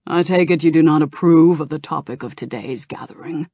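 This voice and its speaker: A woman's voice: sits low, brisk, mellow, no echo, clean studio sound. A woman reading as a grave young tauren chief.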